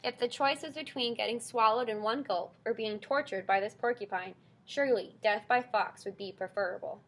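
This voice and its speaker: Casting: expressive female audiobook narrator, slightly high voice. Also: normal speed. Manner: expressive storytelling. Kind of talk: scripted narration.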